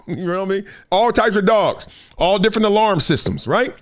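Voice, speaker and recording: A man's voice: high voice, brisk, noisy background. A man hosting a live sports talk show, telling stories in casual slang, laughing often and slipping into other people's voices. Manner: animated, storytelling, slips into voices of others.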